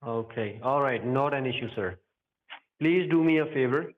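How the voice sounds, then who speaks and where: A man's voice: medium pitch, normal speed, a little hiss or hum. Soothing man on a dull phone line. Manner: soothing, reassuring, repeats "sir". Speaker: phone scammer. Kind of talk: phone call.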